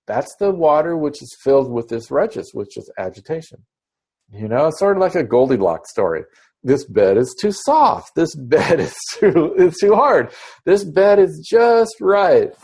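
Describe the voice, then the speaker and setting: Husky man teaching with lively intonation. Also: mid-range voice. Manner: expressive, illustrates with examples and laughs. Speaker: spiritual teacher. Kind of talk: philosophy lecture.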